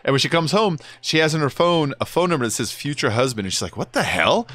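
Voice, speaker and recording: A man's voice: a little high, lively intonation, fast talker, a bit bright. A man streaming a racing game and chatting casually with viewers, rambling through stories and laughing often. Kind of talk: casual live-stream chat.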